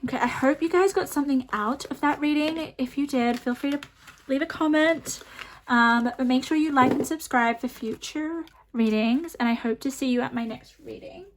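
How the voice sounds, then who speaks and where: A woman's voice: high voice, moderate pace, slight background noise. A woman giving a pick-a-card tarot reading to camera, speaking in a chatty, reassuring way with many fillers. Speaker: tarot reader.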